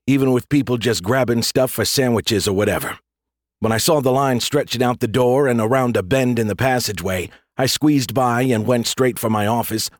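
Dude reading an audiobook, chill wry tone, normal pitch, super dry close mic. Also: male voice, no room sound. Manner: casual, wry storytelling. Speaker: audiobook narrator. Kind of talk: scripted first-person audiobook narration.

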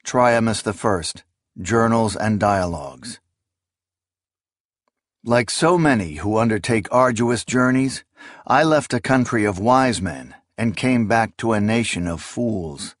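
Slow, deep-voiced male fantasy narrator. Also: dry recording, clean studio sound. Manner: solemn, deliberate. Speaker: audiobook narrator.

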